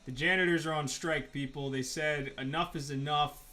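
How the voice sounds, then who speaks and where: A man's voice: on the high side, fairly even intonation, moderate pace, sharp tone, soft background music. Rambling, foul-mouthed man chatting while sketching. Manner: rambling, profane, filler-heavy storytelling. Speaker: artist vlogger. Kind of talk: casual rambling chat while drawing.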